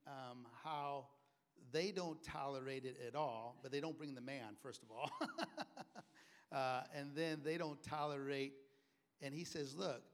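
A man preaching a sermon, telling stories and acting out quoted speech with loud, emphatic bursts. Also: medium pitch, gravelly. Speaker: pastor.

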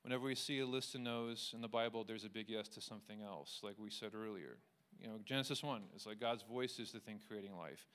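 A man's voice: on the low side, brisk, fairly bright tone, smooth. A man teaching an informal Bible lesson in a conversational way, often restarting sentences and acting out quoted voices, then closing in prayer. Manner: closes with a prayer. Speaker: teacher leading a Bible study. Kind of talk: informal sermon.

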